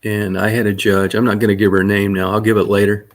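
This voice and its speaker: Male vlogger, lower-pitched voice, blunt and profane, casual storytelling. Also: little pitch movement, fast talker. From Michigan.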